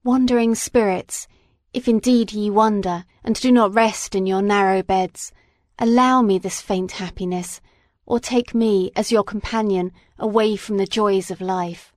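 A woman's voice: medium pitch, fairly even intonation, measured pace, darkish tone, no echo, close to an everyday voice. A tormented, furious young male scientist from a gothic storybook, as a woman reader puts him on. His lines come out impassioned and declamatory, with long, heavy phrases. The sound is dry and close. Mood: anguished.

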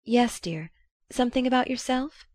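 A woman voices an eager young wife, pitching herself above her own natural voice while staying close to an everyday sound. Her tone is on the high side and darkish, at a moderate pace. The recording is studio quality with no echo.

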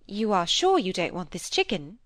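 Sweet-voiced young lady in mourning, read by a woman; gentle and coaxing. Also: mid-range voice, sing-song, normal speed, dry recording. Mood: petulant.

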